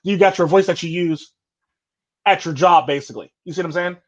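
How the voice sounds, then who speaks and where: A man's voice: high voice, a little fast, dull audio. A man hosting a casual chat, talking bluntly and rambling with repeated stock phrases. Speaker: podcast host.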